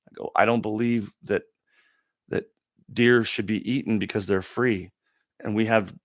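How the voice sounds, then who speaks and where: A middle-aged man from Oregon hosting a livestream Q&A, talking in a rambling, confessional way with pauses and restarts. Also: lowish voice, dry recording, studio quality. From Oregon, USA. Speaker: livestream host. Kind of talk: casual livestream Q&A monologue.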